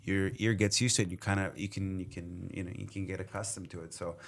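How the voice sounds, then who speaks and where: A man's voice: sits low, flat delivery, fast talker. A man, a comedian guest chatting casually in an interview, rambling with many fillers and acted-out quotes. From Canada.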